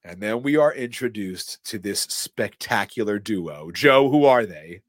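Walking through a film scene by scene on his podcast, this co-host plays out the characters' quotes in a lively, casual style with the occasional swear word. His voice is somewhat low and unhurried, recorded close and dry with no echo.

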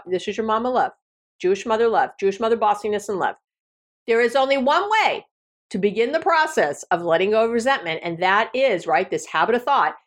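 A middle-aged woman therapist hosting a solo podcast, talking in a chatty, animated way with playful asides. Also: medium pitch.

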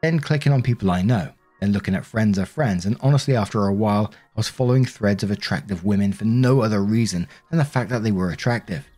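A man reading a first-person story aloud in a steady narrating voice. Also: fairly low pitch, fast, few pauses, soft background music. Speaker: narrator of online stories.

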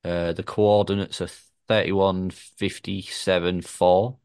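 A man's voice: sits low, little pitch movement, slow, darkish tone, clear, resonant tone, dry recording, clean studio sound. A man hosting a podcast, chatting casually and joking about wrestling. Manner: jokey, banters about wrestling. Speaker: podcast host. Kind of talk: casual chat.

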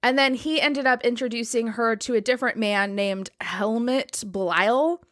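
A woman's voice: on the high side, normal speed, a bit bright, no room sound, clean studio sound. A woman co-hosting a podcast, casually retelling a history story with lots of filler words. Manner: chatty, many "like" fillers, laughs easily.

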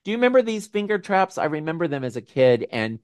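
A man hosting a casual video call with his members, talking in a gentle, musing way with frequent restarts. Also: a little high, big pitch swings, fast, no echo, studio quality. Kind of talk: casual reflective talk.

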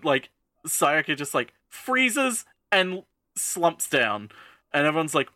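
A man co-hosting a podcast, excitedly recapping an episode with lots of swearing and "like". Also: on the high side, normal speed, no echo, clean studio sound. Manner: excited, profane, heavy use of "like". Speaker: podcast co-host. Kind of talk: casual chat, recapping an anime episode.

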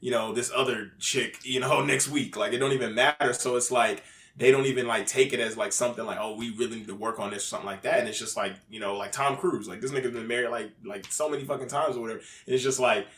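A man's voice: medium pitch, fast talker, hardly any pauses, fairly bright tone. A man in casual, candid chat, full of fillers and swearing freely. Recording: roomy echo.

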